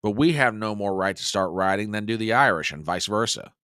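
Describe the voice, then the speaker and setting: A man's voice: lowish voice, a little fast, bright, forceful tone, clean tone, no echo, clean studio sound. An American man hosting a political commentary live stream, reading news aloud and reacting with indignation. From United States. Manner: indignant, reads news aloud and mocks quotes. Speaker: host.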